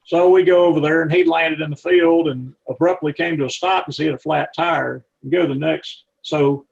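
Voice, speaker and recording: A man's voice: fairly high pitch, fairly even intonation, moderate pace, creaky, muffled recording. A man, an aviator and aircraft mechanic, telling rambling, folksy stories about flying, with frequent restarts. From not from Texas. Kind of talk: anecdotal storytelling talk with slides.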